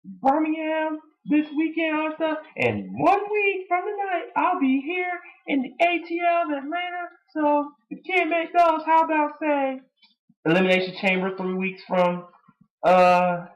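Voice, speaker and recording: A man doing a mocking impression of a sarcastic, self-pitying male wrestler, in a high nasal whine. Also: a little slow, poor audio. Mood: sneering.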